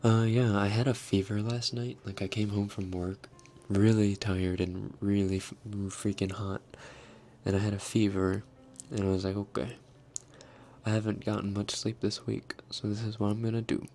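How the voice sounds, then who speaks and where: A young man hosting an ASMR livestream, reading chat in a soft, often whispered voice and chuckling as he tries out foreign words. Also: lowish voice, level tone, moderate pace. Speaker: livestream host.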